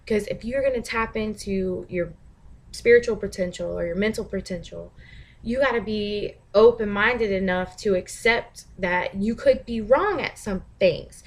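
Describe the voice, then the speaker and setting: Talking straight to camera in a casual vlog monologue, a woman is blunt and profane, laughing often and breaking into shouted impressions of other people. She speaks at medium pitch and a measured pace.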